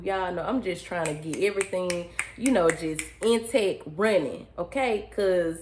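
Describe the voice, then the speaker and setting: A young woman vlogger telling a personal story in a casual, animated way, often addressing her viewers as y'all. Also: fairly low pitch, measured pace, slight background noise.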